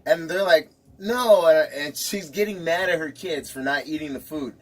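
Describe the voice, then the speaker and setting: A man's voice: on the high side, moderate pace. A man telling a story in casual chat, acting out quotes and laughing often. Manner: animated storyteller, acts out quotes, laughs a lot.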